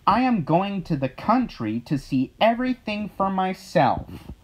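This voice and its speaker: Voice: medium pitch, sing-song, measured pace, slight background noise, voice pushed up. A reader voicing a curious, adventurous city hen in a storybook read-aloud, asking questions eagerly.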